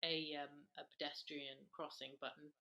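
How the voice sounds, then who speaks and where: Lively British woman, a touch low-voiced. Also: normal speed. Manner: animated, conversational storyteller. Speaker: podcast co-host. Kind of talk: casual beauty chat.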